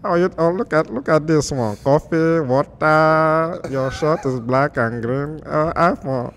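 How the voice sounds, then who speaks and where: A man doing a booming Nigerian pastor. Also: measured pace, a little hiss or hum. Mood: jovial preachy. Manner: booming, preachy, teasing questions. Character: jovial older male Nigerian pastor.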